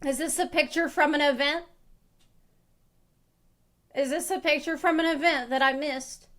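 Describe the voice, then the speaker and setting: A woman's voice: high-pitched, fairly even intonation, normal speed, a bit bright, faint music behind. A woman streamer giving rambling live reaction commentary, laughing and swearing freely.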